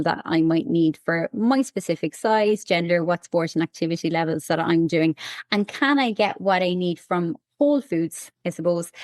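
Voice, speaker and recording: A woman doctor answering interview questions in a measured way, often saying "I suppose". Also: on the low side, darkish tone, no echo, clean studio sound. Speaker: doctor guest.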